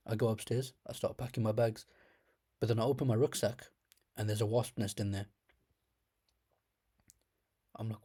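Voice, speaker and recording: Young guy w a slight lisp, mellow easygoing voice, rambling thru a funny story. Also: fairly low pitch, fairly even intonation, quick pace, breathy edge. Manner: rambling, laughs at his own stories. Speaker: storyteller host. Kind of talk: casual comedic storytelling.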